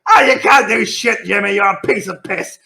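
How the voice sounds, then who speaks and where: A man voicing a pack of shrill, squabbling little male imps who shriek greedily and bicker with each other. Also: normal speed, vocal fry, bright, forceful tone, exaggerated voice.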